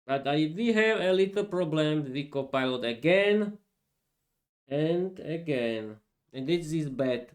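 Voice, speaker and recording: Slow-talking man. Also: on the high side, lively intonation. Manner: halting, laughs often, restarts sentences. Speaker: English teacher and podcast host. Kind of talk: casual live-stream lesson.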